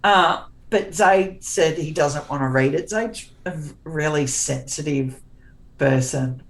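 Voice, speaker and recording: A middle-aged woman with a low voice, chatting as an interview guest. She is blunt and sarcastic, and she often circles back and restarts her sentences as she talks. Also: slow, low-quality recording. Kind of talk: casual conversational interview.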